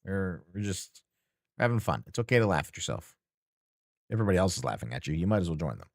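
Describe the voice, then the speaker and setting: A man's voice: low-pitched, very animated, fast, no room sound, studio quality. A man streamer chatting casually and teasingly with his chat while playing a game, rambling and joking.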